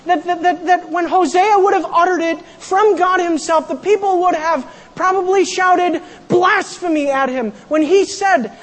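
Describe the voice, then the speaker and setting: A pastor preaching a sermon in a church, animated, acting out quotes and raising the voice for emphasis. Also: very high voice, measured pace, hardly any pauses. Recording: long hall reverb.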